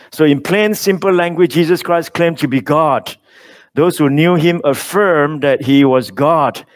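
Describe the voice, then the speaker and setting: A man preaching a sermon, reading scripture slowly and with emphasis, with small slips in his phrasing. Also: a little high.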